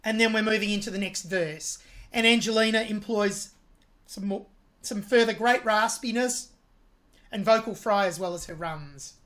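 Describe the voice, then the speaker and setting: A woman's voice: medium pitch, moderate pace, a bit bright. A woman hosting a music reaction video, analysing a singer's vocal technique with admiring commentary.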